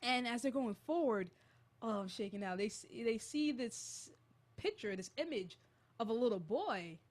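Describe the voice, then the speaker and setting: A young woman hosting a college radio show, retelling a creepy story in a casual, animated and jittery way. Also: a little high, normal speed.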